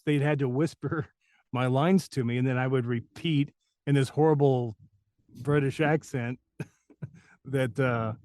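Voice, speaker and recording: Male voice-actor guest, chatty storyteller, mid pitch, dead-dry sound. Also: steady tone, unhurried, long pauses, darkish tone, no room sound. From New Mexico. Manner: rambling anecdotes with many fillers and restarts. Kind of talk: interview storytelling.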